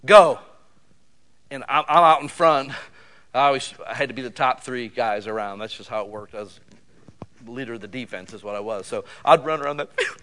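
A middle-aged man preaching a sermon, animated, with loud bursts and sudden drops to quiet. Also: medium pitch, fairly quick. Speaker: pastor.

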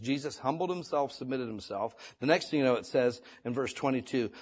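Husky-voiced male pastor preaching. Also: medium pitch, a little fast, few pauses. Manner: conversational preaching, building to emphatic exhortation. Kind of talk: sermon.

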